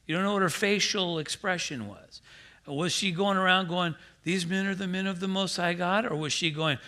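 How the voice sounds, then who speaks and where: A male pastor delivering a sermon, animated and emphatic, slipping into mimicked voices for quotes and breaking in with direct asides to the congregation. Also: high voice, normal speed. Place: church.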